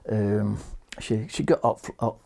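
A middle-aged man with a Yorkshire accent speaks in a low, dark voice. He tells his story haltingly, stumbling over and repeating words, and acts out the conversations he recounts. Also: creaky. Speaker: interviewee, bereaved husband. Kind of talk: personal testimony.

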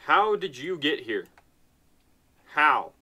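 A man's voice: fairly high pitch, big pitch swings, slow pace, sharp tone. A man casually commenting on his strategy game as he plays, nonchalant and chatty, talking to himself and sounding tired. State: tired, yawning. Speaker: gaming channel host. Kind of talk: casual let's-play commentary.

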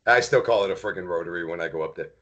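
A man's voice: low-pitched, rapid-fire, a bit bright, dull audio. An American man co-hosting a podcast over a video call, enthusiastic and full of jokey banter. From United States. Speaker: podcast co-host. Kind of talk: casual chat.

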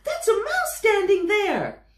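A woman voicing a big male elephant who squeals high and loud when frightened, in a children's storybook reading. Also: a little slow, reverberant, heavy background noise. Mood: panicked.

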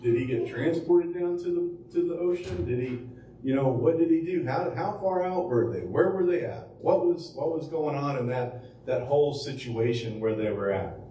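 Recorded at a distance in an echoey room with faint ambience, a man preaches a sermon as pastor, narrating conversationally and using rhetorical questions and fillers. He has a fairly high, expressive, dark-toned voice at a moderate pace, with slight hiss or hum.

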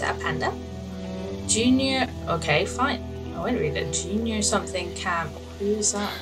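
A woman's voice: medium pitch, moderate pace, far from the mic, over loud music, low-quality recording. A woman playing a video game, commenting as she goes, yelping at the action and reading signs aloud. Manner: excitable, yelps and swears at the game, reads signs aloud. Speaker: gamer. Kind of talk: let's play commentary.

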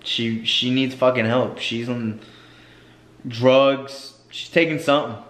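A man's voice: mid-range voice, steady tone, slow pace, a bit bright. Frustrated young man in echoey room. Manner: blunt, frustrated, heavy swearing. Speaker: friend of the host. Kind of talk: casual vlog chat.

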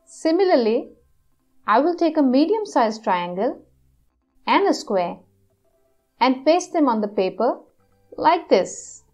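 A clever, unhurried cartoon tortoise, as a woman puts him on, walking through each step calmly and clearly. The voice sits high and moves in a lively, teacherly lilt. Soft music plays beneath. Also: exaggerated voice. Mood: instructing. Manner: step-by-step instructional.

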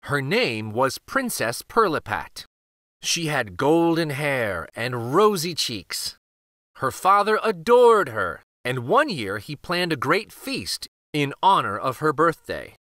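A man hosting a children's read-aloud channel, reading a picture book in an expressive, lively storytelling way. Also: fairly high pitch, takes it slowly, dry recording, clean studio sound.

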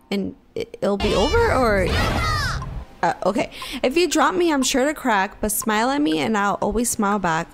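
A woman giving casual gameplay commentary, excitable, gasping and shrieking at scares and laughing often, and reading riddles aloud slowly. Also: sits high. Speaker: gaming video creator. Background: game music.

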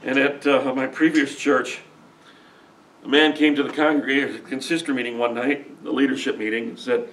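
A man's voice: medium pitch, fairly even intonation, normal speed, a bit bright. Middle-aged male pastor, earnest emotional folksy sermon delivery, mid-range voice, miked from a distance. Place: church sanctuary.

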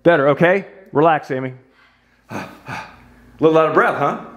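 A man's voice: on the high side, normal speed, lo-fi sound. A man coaching an exercise demonstration as a fitness instructor, playful and jokey as he talks the model through each move.

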